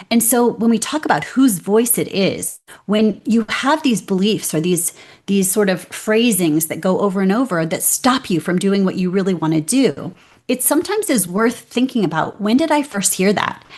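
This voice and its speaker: A middle-aged woman speaking as an interview guest, lively and expressive, slipping into little acted voices as she tells her story. Her pitch sits in an ordinary middle range. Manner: animated, acts out inner voices. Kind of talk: conversational interview.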